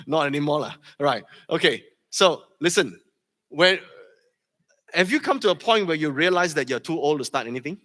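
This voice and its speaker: A man with a Malaysian English accent giving a lively live seminar talk, quizzing the audience and tagging lines with "okay?". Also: fairly high pitch, moderate pace. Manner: energetic, quizzes the crowd, tags lines with "okay?". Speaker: seminar speaker.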